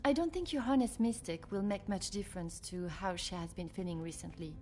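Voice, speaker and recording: A woman plays a sympathetic young woman in a mystery video game. Her voice is soft and mellow. Faint music plays underneath. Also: on the low side, brisk, natural voice. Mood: reassuring.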